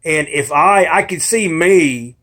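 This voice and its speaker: Rambling, argumentative man, slightly high voice. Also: lively intonation, slow pace, a bit bright. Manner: rambling, restarts often, mimics others in quotes; argumentative, frustrated. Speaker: video blogger. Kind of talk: casual rambling monologue.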